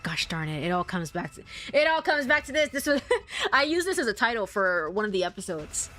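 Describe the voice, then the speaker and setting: A woman's voice: mid-range voice, brisk. A young adult woman streaming a game, chatting casually, swearing and reacting to the story. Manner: animated, swears and laughs often. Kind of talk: casual let's-play commentary. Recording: faint game music behind.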